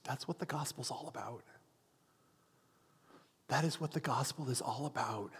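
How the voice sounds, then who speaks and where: A man's voice: medium pitch, moderate pace, husky. Earnest man preaching in a reverberant hall. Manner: earnest storyteller acting out quoted voices. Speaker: hospital chaplain. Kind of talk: sermon storytelling.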